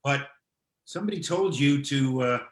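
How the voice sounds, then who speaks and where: Older man hosting, echoey room. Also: mid-range voice. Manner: slow, chatty, joking questions. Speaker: interview host. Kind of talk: casual interview.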